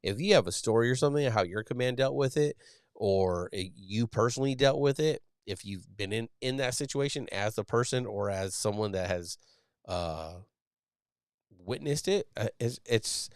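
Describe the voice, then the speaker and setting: A Navy sailor in his thirties hosts a casual live show as a podcaster, his medium-pitched voice expressive at a moderate pace. The sound is clean studio audio with no echo, and his blunt, profane talk rambles along with many restarts.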